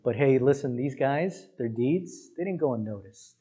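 A man's voice: medium pitch, lively intonation, normal speed, dark tone, breathy edge. A man preaching a sermon in an emphatic, conversational way, talking directly to his congregation. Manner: emphatic, conversational, often says "listen" and "guys". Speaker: pastor.

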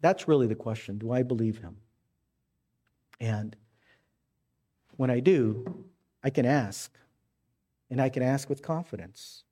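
A man preaching a sermon, telling stories in an animated way with repeated phrases. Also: medium pitch, measured pace, long pauses. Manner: storytelling, animated, repetitive phrasing. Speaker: pastor.

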